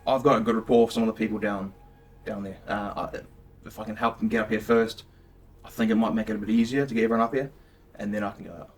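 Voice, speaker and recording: A man's voice: lowish voice, fairly even intonation, fast, distant mic. A man playing in a tabletop game, speaking hesitantly with lots of fillers. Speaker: player. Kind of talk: in-character tabletop play.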